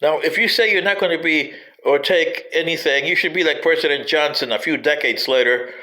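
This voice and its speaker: A man's voice: a little high, fairly quick, few pauses, bright, forceful tone, poor audio. A man giving a rambling spoken history commentary, digressive and wry, sometimes addressing politicians directly.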